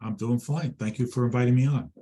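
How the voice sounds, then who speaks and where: A middle-aged man, a guest in an interview, talking in a measured way with frequent ums and pauses. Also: mid-range voice, steady tone, dark tone, husky. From Long Island, New York. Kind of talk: interview conversation.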